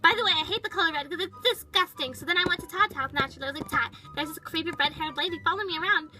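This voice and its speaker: A woman's voice: very high-pitched, very fast, sharp tone, exaggerated voice, poor audio. A woman voicing a bratty, dramatic young female toy pet, telling a toy storytime with valley-girl chatter full of "like". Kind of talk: toy-figure storytime narration.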